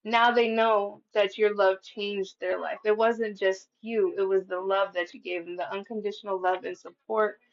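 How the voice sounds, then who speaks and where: A woman's voice: mid-range voice, flat delivery, normal speed, hardly any pauses, highs cut off. A woman giving a casual tarot reading, talking in a chatty, profane way with lots of "like". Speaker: tarot reader.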